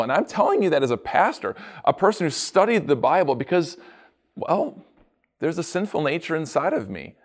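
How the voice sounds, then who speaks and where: A man, a pastor, giving a casual devotional talk with animated storytelling and playful asides. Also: mid-range voice.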